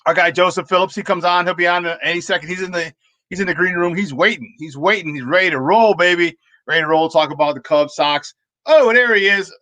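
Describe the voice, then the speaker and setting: Man, sports talk host, rambling animated stories, bright forceful voice, dry sound. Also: on the high side, quick pace, no room sound. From Chicago. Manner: rambling, animated anecdotes with restarts. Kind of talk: casual sports talk storytelling.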